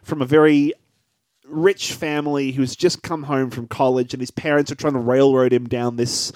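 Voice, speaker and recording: A man's voice: mid-range voice, steady tone, normal speed, darkish tone, no room sound. A man co-hosting a podcast, talking in a rambling, joking way with many fillers and restarts. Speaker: podcast co-host. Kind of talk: casual podcast chat.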